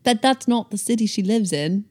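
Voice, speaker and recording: A woman's voice: mid-range voice, expressive, normal speed, darkish tone. A middle-aged woman co-hosting a podcast, chatting playfully and giggling with her husband. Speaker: podcast co-host. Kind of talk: casual chat.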